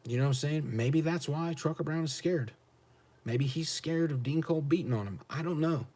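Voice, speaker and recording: A fairly high, mellow voice at normal speed belongs to this American truck driver streaming live. He answers his chat with a blunt, profanity-laced rant, restating questions for emphasis.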